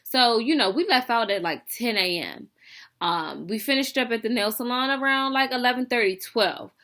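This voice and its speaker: A young woman in a casual storytelling vlog, animated and chatty, full of fillers and asides. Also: fairly high pitch, normal speed. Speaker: vlogger telling a story.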